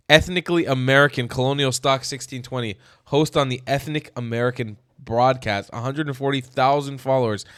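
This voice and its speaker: A man hosting his channel, reacting to social media posts with animated, incredulous and mocking commentary. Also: mid-range voice, clear, resonant tone, no room sound, studio quality.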